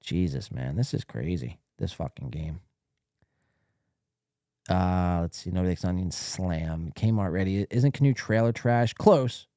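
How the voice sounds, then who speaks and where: A man's voice: sits low, measured pace, mellow, dry recording, studio quality. A man hosting a live stream podcast, ranting casually in a blunt, profane, rambling way.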